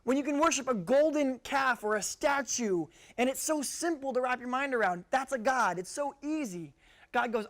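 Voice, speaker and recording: A young man preaching to high school students in a casual, joking way, reading scripture and acting out the people in it. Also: expressive, normal speed, fairly bright tone. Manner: jokey, conversational, acts out quotes. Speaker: youth pastor. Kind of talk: casual youth sermon.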